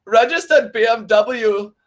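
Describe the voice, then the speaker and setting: A strict car that scolds its owner in a heavy German accent, put on by a man. The voice sits well above his usual pitch and sounds clipped and commanding. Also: a little slow. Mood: scolding.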